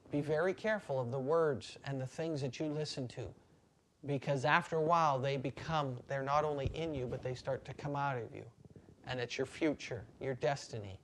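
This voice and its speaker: A man preaching a sermon as pastor, building repetitive lines and slowing down for emphasis. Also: mid-range voice, a little hiss or hum.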